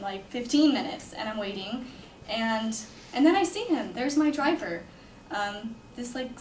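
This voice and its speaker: A woman's voice: a little high, far from the mic, a little hiss or hum. A young woman from California telling a personal story in a chatty way, with lots of "like" fillers. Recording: echoey room, speaker away from mic, faint ambience.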